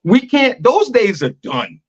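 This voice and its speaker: A man's voice: very high voice, sing-song, slow pace, husky. A middle-aged man, a radio show host, telling loose stories and laughing easily in a casual comedic chat. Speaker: morning show host, guest. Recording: dull lo-fi sound.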